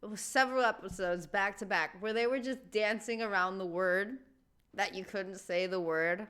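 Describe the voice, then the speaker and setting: A woman's voice: mid-range voice, normal speed, fairly bright tone, clear, resonant tone. A woman hosting a reaction video, chatting casually and animatedly with laughing asides.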